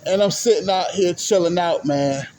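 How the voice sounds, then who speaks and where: A man ranting casually about basketball fans in a profane, animated way, often tagging his points with "right?". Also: high voice, moderate pace. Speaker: vlogger, sports commentator. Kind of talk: casual ranting sports talk. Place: sitting at home doing laundry.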